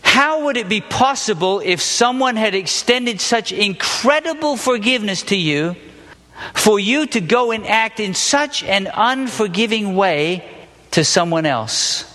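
Bright high-voiced man preaching a sermon. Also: lively intonation, unhurried, long reverb tail. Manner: asks the audience questions, explains step by step. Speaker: preacher teaching a Bible lesson.

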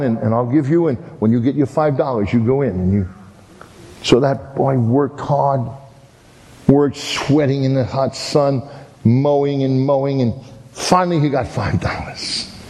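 Male preacher, warm tone, animated storyteller, heard in a reverberant hall. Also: mid-range voice. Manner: animated storytelling, many repeated "and, and". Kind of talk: sermon with a story.

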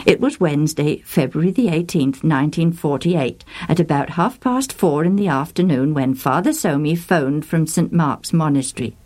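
A woman narrating a storybook with a measured, expressive reading. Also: low voice.

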